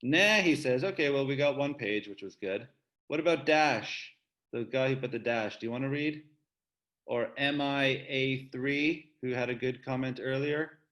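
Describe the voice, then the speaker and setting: A man's voice: medium pitch, moderate pace, fairly bright tone. A man teaching an online class over a video call, coaxing his students to read aloud in an upbeat way.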